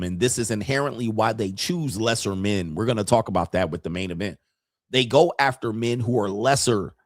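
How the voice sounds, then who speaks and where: A man's voice: medium pitch, no room sound. Blunt, preachy man on a dry mic. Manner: blunt, preachy, repeats himself, slangy. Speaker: livestream host reading chat. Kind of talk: casual livestream commentary.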